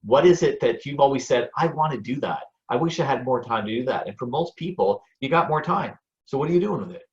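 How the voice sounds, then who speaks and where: A man talking in a lively, storytelling way as a guest on a motivational interview show, often repeating a word as he starts a phrase. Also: medium pitch, brisk, dull audio. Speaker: guest speaker and speaking coach.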